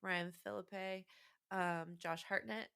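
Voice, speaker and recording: A woman co-hosting a casual movie podcast, chatty and quick to laugh, often trailing off with fillers. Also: mid-range voice, fairly even intonation, gravelly, bright, forceful tone, clear, resonant tone. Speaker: podcast co-host.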